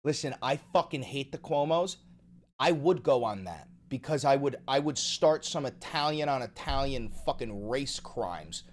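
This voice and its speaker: A man's voice: mid-range voice, animated, moderate pace. Profane, ranting male livestreamer. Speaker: livestream host. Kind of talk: casual livestream commentary.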